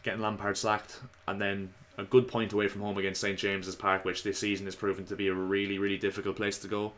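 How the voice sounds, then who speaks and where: A man giving casual, opinionated football commentary to his viewers, slightly hoarse. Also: on the low side, flat delivery, quick pace, fairly bright tone. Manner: chatty, opinionated, addresses viewers as lads. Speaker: football vlogger.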